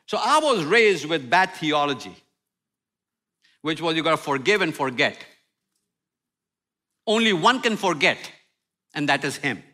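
A middle-aged man preaching a sermon with humor, swinging from loud outbursts to near-whispers. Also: a little high, a little slow, pauses often. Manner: animated, humorous preaching with sudden loud and soft turns. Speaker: pastor.

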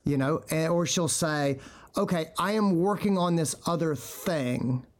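Man, middle-aged, podcast host, casual chat, animated storytelling. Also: a little high, a little slow. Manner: animated storyteller acting out quotes.

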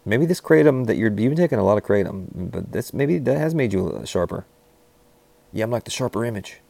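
A man in rambling, deadpan comedic banter, riffing with frequent restarts. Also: fairly low pitch, fairly quick, creaky, dry recording.

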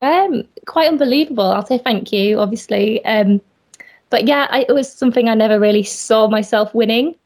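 A woman's voice: on the high side, moderate pace. Yorkshire lady chatting on a podcast, friendly and modest, kinda laid back. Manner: modest, friendly, with soft laughs. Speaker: podcast guest. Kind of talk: casual interview chat.

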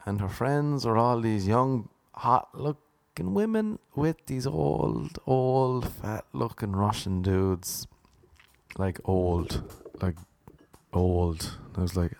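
A young man hosting his own podcast, telling rambling comic stories with deadpan asides. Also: on the low side, slow pace, creaky. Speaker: podcast host. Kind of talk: casual comedic monologue.

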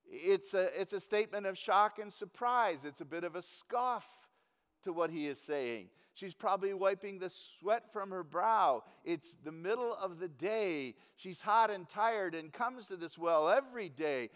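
A man preaching a teaching sermon in a wry, unhurried way, chuckling at his own points. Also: high-pitched, animated, fairly bright tone, clear, resonant tone. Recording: long hall reverb.

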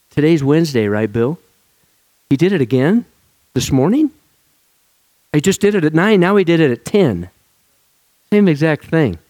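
Halting, chatty man preaching. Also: on the high side, darkish tone, dry recording. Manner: informal, halting, with many restarts and laughs. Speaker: pastor. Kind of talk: conversational sermon.

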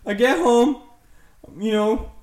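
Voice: medium pitch, slow, close to an everyday voice. A performer playing an angry, drunk middle-aged husband who curses and threatens in an improvised comedy scene. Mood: indignant. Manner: yelling, cursing, accusing. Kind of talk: improvised comedy role-play. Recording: echoey room, voice from far off.

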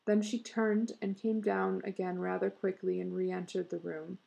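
Gravelly woman reading a story aloud. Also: medium pitch, dull audio. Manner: measured, expressive storytelling. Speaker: narrator. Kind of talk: storybook narration.

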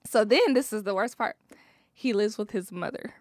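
A woman's voice: medium pitch, normal speed, no echo. A woman with retelling a reality show in casual chat, swearing freely and acting out what people said. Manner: animated storyteller, acts out quotes, swears freely. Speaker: podcast co-host.

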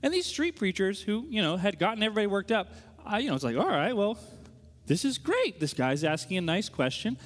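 A man preaching as a pastor, telling a story in an animated, conversational way full of quick asides. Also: sits high, long reverb tail. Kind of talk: sermon storytelling.

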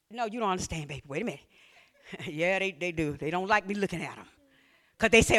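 A woman preaching a sermon, swinging between loud emphatic lines and near-whispers. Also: fairly low pitch, animated, a little fast, long pauses.

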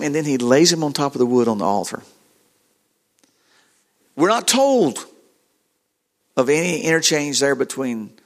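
A middle-aged man preaching a sermon, telling a story in a halting, earnest way with many repeated words. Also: mid-range voice, a bit bright.

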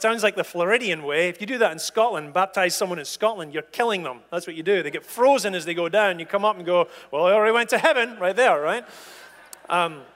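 High-voiced pastor in an echoing hall. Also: male voice, a bit bright. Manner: storytelling with acted-out dialogue and humor. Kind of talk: sermon.

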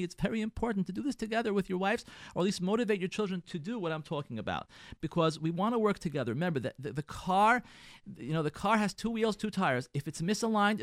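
Higher-voiced rabbi giving advice. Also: male voice, no echo, studio quality. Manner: coaching, acts out sample dialogues in a softer voice; repeats phrases, stammers on word starts. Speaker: rabbi and radio show host. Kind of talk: advice talk to listeners.

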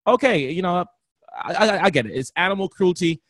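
A man, a guest personal trainer on a radio interview, talking in an animated, laugh-prone way. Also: high voice, a little fast, no room sound. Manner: animated, laughs often, slips into playful voices.

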